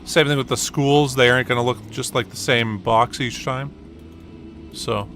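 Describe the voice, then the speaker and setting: Guy chatting while he plays a game, bright kinda sharp voice, rambles with lots of uhs, faint game noise behind. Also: mid-range voice, steady tone, normal speed. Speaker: gaming channel host. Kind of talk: casual gameplay commentary.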